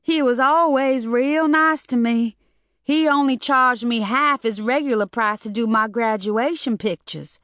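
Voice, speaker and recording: Mona, a woman doing a squeaky, scared girl. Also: unhurried, fairly bright tone, no room sound, clean studio sound. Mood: chatty. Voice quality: squeaky, trembling. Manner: hesitant, slangy, deferential. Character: scared young woman just out of school.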